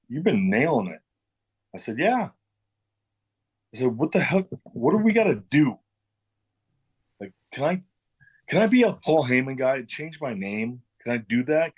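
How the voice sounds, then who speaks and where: Middle-aged male guest, ex-wrestler, rambling anecdotes with cussing and acted-out quotes, medium pitch. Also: slightly rough, poor audio. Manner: loose, swearing, acts out quoted dialogue. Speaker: interview guest, former pro wrestler. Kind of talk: casual storytelling interview.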